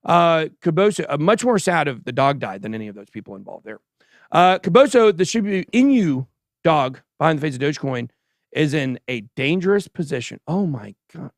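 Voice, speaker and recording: A man hosting a casual livestream crypto show, giving animated and sarcastic commentary as he chats with a co-host and the live chat. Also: a little high, fairly quick, no room sound, studio quality. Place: show studio stage.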